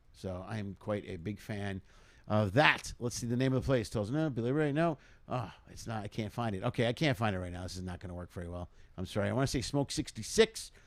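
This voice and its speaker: A man's voice: on the low side, dry recording. Rambling man hosting a live stream. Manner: rambling, hype-man energy, many fillers. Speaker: show host. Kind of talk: casual live-stream chat.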